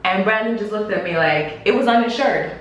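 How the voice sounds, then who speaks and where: Recorded in an echoey room with a faint hiss, a young woman vlogger tells a story during a casual chat. Her voice is medium-pitched and fairly quick, and she animatedly acts out the dialogue everyone spoke.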